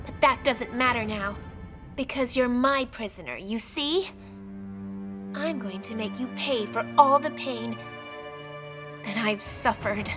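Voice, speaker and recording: An actress in an English dub playing a vengeful woman who taunts her prisoner with menace. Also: a little high. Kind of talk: English dub of a period drama.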